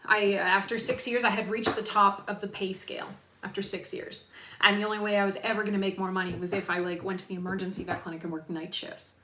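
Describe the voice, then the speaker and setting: Young adult woman, bright and crisp, candid vlog chat with casual swearing, echoey room. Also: medium pitch, fairly even intonation, fast, slight background noise. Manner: frank, swears freely, many fillers. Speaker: personal trainer and vlogger.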